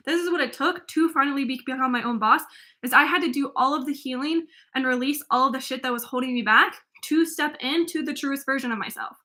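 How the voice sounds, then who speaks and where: A young woman in her twenties hosts her own coaching podcast, talking alone in a loose, rambling way. Her voice sits high and sounds bright and sharp. She restarts her sentences often and fills gaps with "like.". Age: 20s. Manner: rambling, filler-heavy, with many restarts. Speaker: life coach and podcast host. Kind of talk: casual solo podcast monologue.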